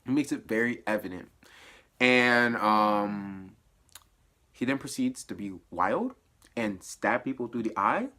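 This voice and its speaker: A TV review vlogger casually recaps a show episode in a spoiler review, unhurried yet animated and laughing. His voice drops to low mutters, then jumps up in excited bursts.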